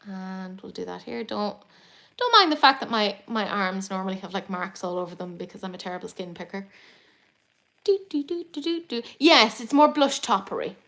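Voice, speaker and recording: A woman's voice: medium pitch, lively intonation, a little fast, creaky, sharp tone. An Irish woman hosting a casual live makeup chat from home, rambling into self-deprecating asides. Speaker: beauty YouTuber host.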